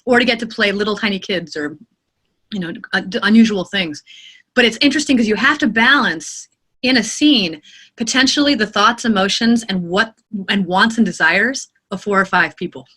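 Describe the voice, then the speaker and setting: A woman who narrates audiobooks, answering interview questions in an expressive, animated way. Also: mid-range voice, moderate pace, husky.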